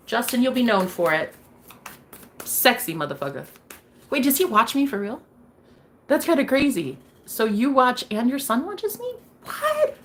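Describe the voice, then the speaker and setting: A woman's voice: fairly high pitch, a bit bright. A young woman hosting a tarot live stream, chatting casually and bubbly with her viewers, swearing freely and laughing often. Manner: bubbly, profane, laughs often, talks to chat.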